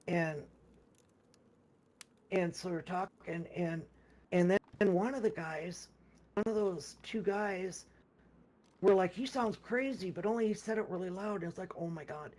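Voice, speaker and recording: Casual gamer storyteller, mid pitch, rambling, stop-start delivery. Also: a little slow, pauses often, a little mellow. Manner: rambling, with many restarts and repeated words; acts out others' lines in quoted speech. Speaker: gamer recounting a game session.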